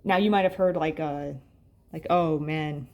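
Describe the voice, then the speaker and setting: A woman's voice: fairly low pitch, normal speed, a little mellow. A young adult woman giving a university lecture in a conversational way, full of fillers and "like"s.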